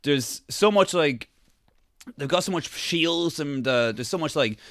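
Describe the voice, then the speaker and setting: A man with an Irish accent, co-hosting a casual podcast recap of a TV drama, animated and laughing often. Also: fairly high pitch, measured pace, dry recording, studio quality. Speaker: podcast co-host.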